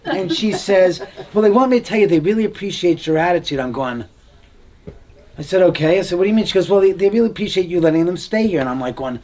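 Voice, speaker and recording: A homeowner giving a tour, telling stories in an animated way and acting out the quoted voices of other people. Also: male voice, sits high, fast. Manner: acts out quoted dialogue, rambling with restarts. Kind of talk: animated storytelling.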